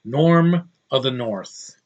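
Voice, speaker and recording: A man's voice: medium pitch, lively intonation, extremely slow, lo-fi sound. A man giving a casual, ranting movie review, blunt and scornful, swearing casually.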